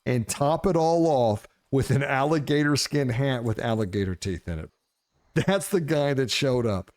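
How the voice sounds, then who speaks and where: Man, storyteller, casual and profane, mid-pitch, lively delivery. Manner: animated, profane, laughing. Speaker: streamer telling a story.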